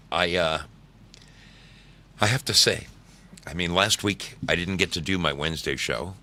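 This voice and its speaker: A man's voice: a bass voice, pushed and bright. A middle-aged man hosting a live stream, greeting chat by name and telling laid-back, swearing work stories.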